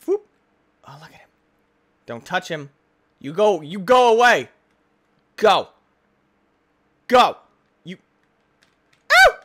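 A man giving excitable, goofy let's-play game commentary, often yelling and shrieking. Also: high-pitched, slow, long pauses. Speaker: gaming YouTuber.

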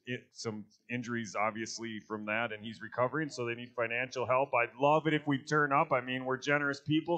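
A man's voice: mid-range voice, sharp tone. A male pastor making a short, earnest, plain-spoken appeal to his congregation. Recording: muffled lo-fi church recording.

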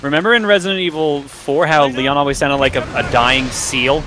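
A man giving casual, jokey commentary while playing a co-op game, quick to laugh. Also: mid-range voice, fairly even intonation, bright, forceful tone, slight background noise. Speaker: co-op gamer.

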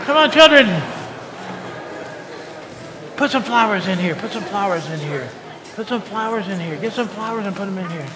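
Preacher guy coaxing the kids along, high bright voice, big echoey church. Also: animated, normal speed, long pauses, crowd noise. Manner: coaxing, call-and-response with children. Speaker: pastor. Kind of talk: children's sermon. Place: church sanctuary.

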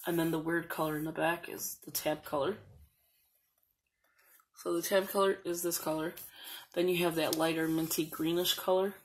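A woman with a fairly low voice talks through a planner haul at an easy pace. She chats casually as she flips the pages and reads the printed slogans aloud. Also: little pitch movement, normal speed, long pauses, a little hiss or hum, poor audio. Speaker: planner vlogger. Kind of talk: casual show-and-tell.

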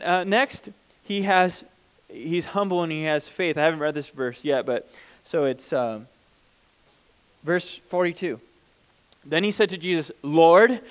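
A man preaching a conversational sermon as pastor, plain-spoken and informal, often restarting mid-sentence. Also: on the high side.

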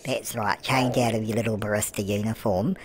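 In a lightly acted turn, a man voices a fussing, cheeky elderly British grandmother commenting gossipily on a life-sim game, cooing "love" at all and answering herself. The comic let's-play has background music and a little hiss or hum, and his lowish voice moves fairly quickly with fairly even intonation.

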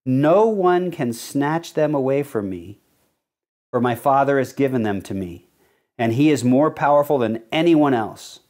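A male pastor preaching a sermon, explaining verses in an earnest teaching manner and reading scripture slowly with stressed key words. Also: mid-range voice, lively intonation, darkish tone.

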